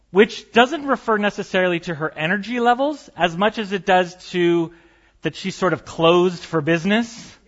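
A man's voice: sits high, normal speed, fairly bright tone, dull audio. A man preaching a sermon as pastor, conversational and storytelling, with light humor.

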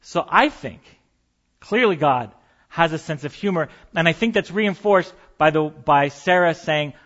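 A man's voice: fairly high pitch, expressive, measured pace, a bit bright, muffled recording. A man preaching a sermon as pastor, conversational and storytelling, with light humor.

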